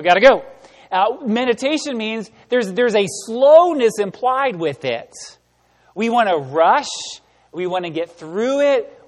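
A man giving a sermon as pastor, animated and emphatic, asking the room rhetorical questions. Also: high voice, long reverb tail. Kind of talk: sermon teaching.

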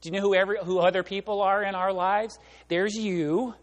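A male pastor delivering a sermon, animated and conversational, acting out quotes and voices as he goes. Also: sits high, measured pace. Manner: animated, acts out voices and quotes, laughs along. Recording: long reverb of a large hall.

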